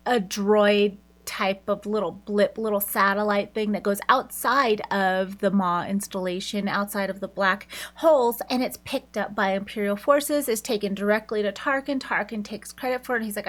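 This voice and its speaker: A woman talking through a book's plot for her channel, chatty and loose, with frequent "like"s and restarts. Her voice sits at a middling pitch for a woman, and she laughs easily as she goes. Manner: chatty, many fillers and self-corrections, laughs often. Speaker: book reviewer. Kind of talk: casual book review retelling the plot.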